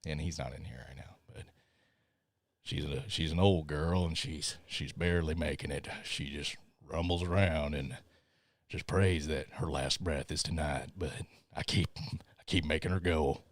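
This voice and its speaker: With a bass voice and fairly even intonation at normal speed, a Southern-accented podcast host chats on a live stream while fixing tech. He apologizes and laughs often, and the studio sound is clean with no echo.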